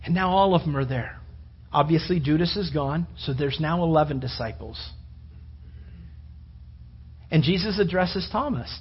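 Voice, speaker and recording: A man preaching a sermon, telling the story with animated storytelling and acting out the disciples' voices. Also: on the high side, normal speed, pauses often, slightly rough, lo-fi sound. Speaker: pastor.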